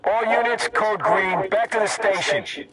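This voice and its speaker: A man's voice: high voice, fairly even intonation, measured pace, fairly bright tone, slight background noise. An actor playing a male police dispatcher in a video game, giving clipped, official call-outs over a police radio.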